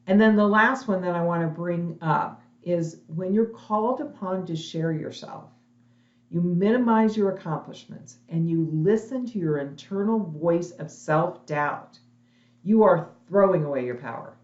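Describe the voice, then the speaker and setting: A woman's voice: on the low side, unhurried, darkish tone. Emphatic woman speaker, echoey dull sound. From lives in Texas. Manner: direct, emphatic, coaching tone. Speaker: conference speaker. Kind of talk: motivational webinar talk.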